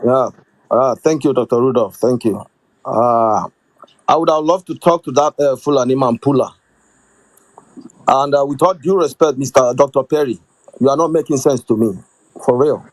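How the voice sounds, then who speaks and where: A man's voice: mid-range voice, normal speed, long pauses, no echo, poor audio. A man calling in to a talk show, bitter and heated, confronting the host. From Nigeria. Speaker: caller. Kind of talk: angry call-in rant.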